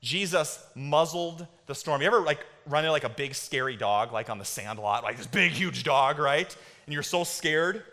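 Pastor guy preaching, high voice, swings from quiet to loud, echoey church. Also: normal speed, few pauses. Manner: swings from hushed to loud, excited storytelling; asks the congregation to repeat words. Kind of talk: sermon. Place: church sanctuary. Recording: long hall reverb.

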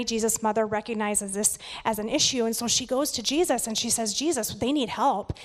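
Woman reading scripture in an echoing hall. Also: mid-range voice. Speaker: scripture reader and preacher. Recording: long hall reverb.

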